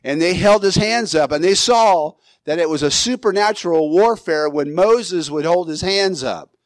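A male pastor preaching a sermon, animated, acting out Bible figures in quick asides. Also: high-pitched, dry recording.

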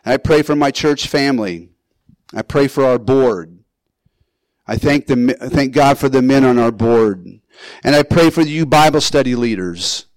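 Older male pastor, earnest, conversational sermon voice, mid-pitched, dry close sound. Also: a little slow, dry recording, poor audio. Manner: earnest, conversational preaching with asides. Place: church.

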